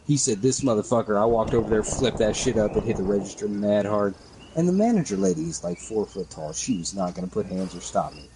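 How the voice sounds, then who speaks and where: A man's voice: fairly low pitch, expressive, fairly quick, dark tone, a little hiss or hum, rough recording. A man streaming a game, telling a heated story in casual chat full of swearing.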